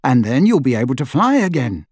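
A man's voice: medium pitch, sing-song, a little fast, darkish tone, husky, dry recording, clean studio sound. A man voicing an earnest, urgent teenage boy wizard. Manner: urgent, insistent.

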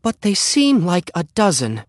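A man playing a slow, fussing mother. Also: high voice, huge pitch swings, no room sound, clean studio sound, pitched above the performer's own voice, exaggerated voice. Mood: weary. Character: flustered housewife mother, fussing.

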